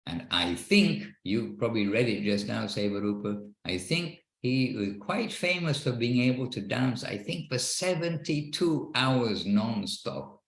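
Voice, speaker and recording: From his home in Wexford, Ireland, a man leads an online devotional class over a video call, speaking earnestly but rambling and often restarting. His mid-range voice is creaky, unhurried and lively in intonation, with few pauses. The sound is roomy and the audio poor.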